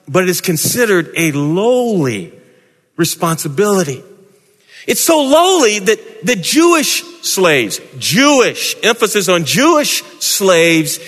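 A man's voice: a little high, a bit bright. A man preaching a sermon dramatically, with wide swings in tone and emphasis. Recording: echoey hall.

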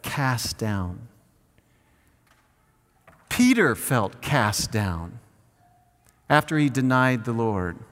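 A man preaching a sermon in an earnest way, slowing down on key phrases and leading the congregation to repeat lines after him. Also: mid-range voice, fairly bright tone, in a large hall. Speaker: pastor.

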